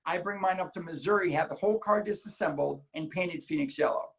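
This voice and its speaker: A man from Illinois telling a story in casual chat, animated and acting out the voices he quotes. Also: high-pitched, quick pace, rough recording. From Illinois, United States. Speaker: guest car enthusiast.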